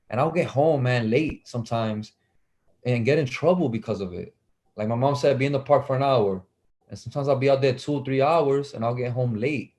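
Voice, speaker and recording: Animated New man telling stories. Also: mid-range voice, fairly quick. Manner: animated, acts out quoted voices, laughs often. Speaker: guest, pro basketball player. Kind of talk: casual storytelling.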